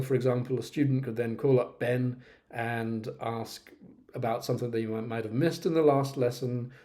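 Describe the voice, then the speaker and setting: A man presenting a software tutorial to teachers, talking casually with frequent hesitations. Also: mid-range voice. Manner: relaxed, hesitant, many ums. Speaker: teacher-trainer presenting a platform. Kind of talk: casual screen-recorded tutorial.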